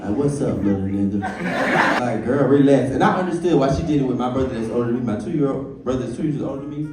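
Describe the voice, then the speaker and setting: A man's voice: mid-range voice, very fast. A man performing a stand-up comedy set, telling stories animatedly and acting out the voices of people in them. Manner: animated storytelling, acts out quoted voices. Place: comedy club stage. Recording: echoey venue, distant mic, loud crowd.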